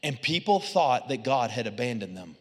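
A man preaching a sermon as pastor, telling stories with humor in an animated, conversational way. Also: mid-range voice, normal speed, in a large hall. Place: church sanctuary.

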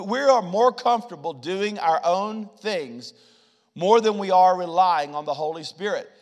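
A man preaching a sermon as a pastor, telling stories in an animated way and repeating words as he builds a point. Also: high voice. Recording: long hall reverb.

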